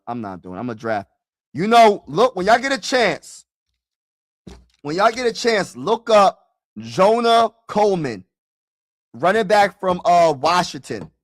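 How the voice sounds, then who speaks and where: A man's voice: high voice, no room sound. A man hosting a casual live-stream football mock draft, talking straight to his viewers and swinging between frustrated outbursts and mutters, with lots of "bro" and "y'all". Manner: talks straight to viewers, repeats himself, uses "bro" and "y'all".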